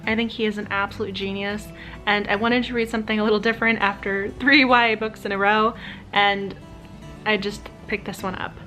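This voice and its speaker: A woman's voice: mid-range voice, flat delivery, a little fast, sharp tone, faint music behind, rough recording. A woman keeping a casual video diary at home, chatting and gushing about the books she is reading and checking in on the time. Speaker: book vlogger.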